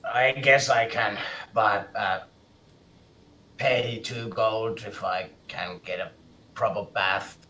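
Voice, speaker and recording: Male player, bright tone, unhurried, relaxed. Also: lowish voice, recorded from a distance, low-quality recording. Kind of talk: tabletop play.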